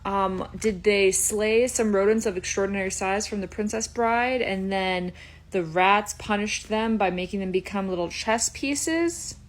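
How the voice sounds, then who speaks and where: A young woman giving playful, casual reaction commentary as a video creator. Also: mid-range voice. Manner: chatty and playful, quick asides.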